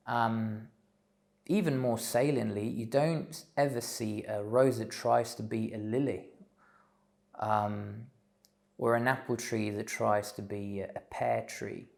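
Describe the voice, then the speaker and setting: A man giving a slow, thoughtful spiritual talk, pausing often with fillers. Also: on the low side, creaky, a little mellow. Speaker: spiritual teacher. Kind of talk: reflective solo talk.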